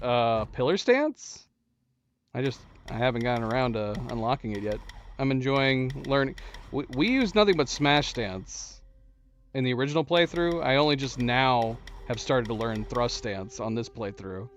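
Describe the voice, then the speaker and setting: A man's voice: medium pitch, animated, normal speed, slight background noise. A man streaming a video game, casually chatting and answering viewers as he plays. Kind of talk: casual gameplay commentary.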